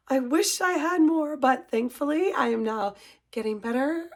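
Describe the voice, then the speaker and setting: A woman's voice: high-pitched, moderate pace, vocal fry. A middle-aged woman who runs a cross-stitch shop, chatting casually to her viewers in an emotional, gushing way and holding back tears. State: tearful, composing herself. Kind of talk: casual chat to camera.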